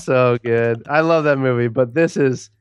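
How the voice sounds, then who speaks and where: A man co-hosting a podcast, chatting casually, laughing often and swearing. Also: mid-range voice. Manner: laughing, profane, quick impressions. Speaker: podcast co-host. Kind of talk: casual chat.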